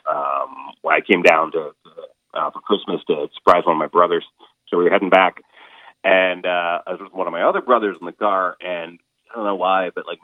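Low-voiced man on a tinny phone line. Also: no room sound. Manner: halting, lots of fillers and restarts. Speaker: stage performer interviewed as a guest. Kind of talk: casual interview over the phone.

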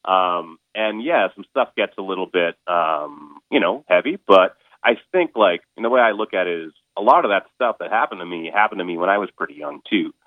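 A man with a very low voice talks over a narrow, tinny phone line, and the sound is dry and close. He speaks casually and haltingly, filling his pauses with ums and restarting his sentences as he explains his stage show. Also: expressive, dry recording. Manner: halting, lots of fillers and restarts. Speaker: stage performer interviewed as a guest.

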